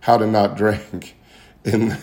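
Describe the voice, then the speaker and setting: Slowly and in a level tone, a man with a lowish, darkish voice and vocal fry gives a testimony about recovering. He speaks earnestly and confessionally, often repeating phrases as he looks for words.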